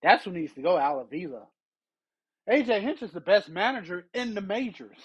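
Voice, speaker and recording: A man's voice: sits high, animated, moderate pace, breathy edge, dull audio. A man hosting a solo sports podcast, ranting with exasperated rhetorical questions. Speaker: podcast host.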